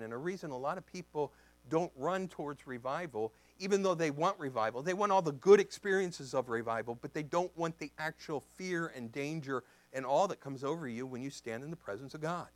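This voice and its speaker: A man preaching as a pastor, telling a story in an animated way and acting out the voices in it. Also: a little high, a little fast, no echo. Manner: animated, acts out voices in his stories. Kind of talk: storytelling sermon.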